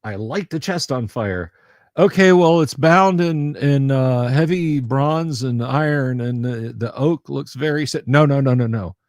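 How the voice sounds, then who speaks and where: Brief: male stream host, mid-pitched, joking and rambling, dry close mic. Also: a little slow, a little mellow, dry recording. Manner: rambling, jokey, laughs often. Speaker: livestream host. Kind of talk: casual chat.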